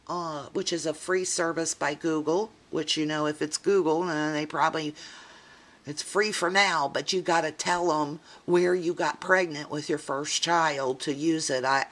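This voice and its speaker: Slow, low-voiced chatty woman crafter. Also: a bit bright. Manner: chatty, self-deprecating, rambling asides. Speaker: scrapbooking vlogger. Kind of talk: casual show-and-tell chat.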